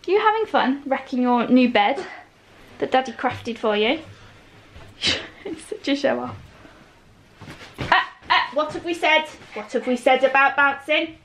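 High-voiced mum chatting to camera. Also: female voice, animated, a little slow, long pauses, fairly bright tone. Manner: chatty, rambling, breaks off to coo at and scold her kids. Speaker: vlogger and mother. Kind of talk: casual home vlog chat. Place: family home indoors and in the garden. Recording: noisy home camera recording.

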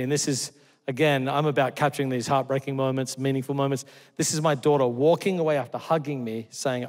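Pastor preaching in a reverberant hall. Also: male voice, mid-range voice. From Australia. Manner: earnest storytelling, swings between loud exclamations and hushed tender lines. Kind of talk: sermon.

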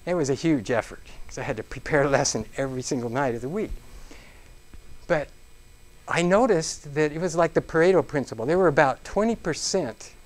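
A man gives a business seminar to a live audience in a room, keeping it interactive and checking in constantly with "okay?" He's animated, acting out exclamations, and his voice is on the high side and fairly quick.

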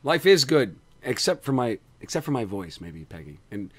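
A hoarse man hosting a tech show, bantering in an animated, self-deprecating way. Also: mid-range voice, normal speed, a little hiss or hum. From Canada. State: hoarse from screaming. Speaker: podcast host.

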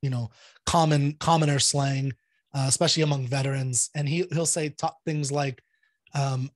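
A man with a slightly husky voice talks through his subject in a loose, chatty way. He hosts the conversation, piling up fillers like "you know" and "like" and restarting his sentences as he goes. The sound is close and dry, with no room around it. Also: a little high, no echo. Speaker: host presenting a poem. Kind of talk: casual chat.

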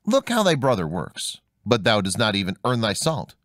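A man's voice: fairly low pitch, huge pitch swings, moderate pace, fairly bright tone, dry recording, studio quality. A man voicing a weary, exasperated old father who scolds in old-fashioned speech, in a storybook reading. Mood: lecturing.

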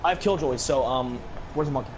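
A young man giving quick orders to his teammates in casual game chat. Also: mid-range voice, noisy background. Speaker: player.

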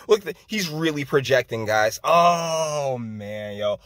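A man's voice: mid-range voice, animated, unhurried, hardly any pauses, fairly bright tone, no room sound. A man hosting his own channel, ranting in political commentary with profane, scornful heat.

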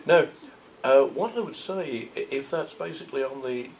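An older priest from Norfolk, England, a convention guest, answers audience questions at a middle pitch with a faint hiss of ambience beneath him. He is thoughtful and unhurried yet animated, choosing his words slowly, rambling and circling back with frequent restarts.

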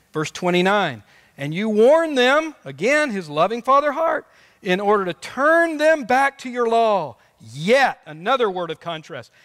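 A male pastor preaching a sermon with passion, dropping soft and then rising to shouts. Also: high voice. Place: church sanctuary. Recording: long church reverb.

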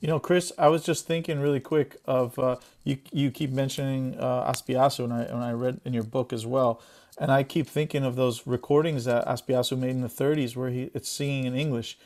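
Guy on a video call thinking out loud, mid pitch, scholarly, reflective. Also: fairly even intonation, brisk. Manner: reflective, musing aloud. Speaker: panelist, music scholar. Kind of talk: casual webinar discussion.

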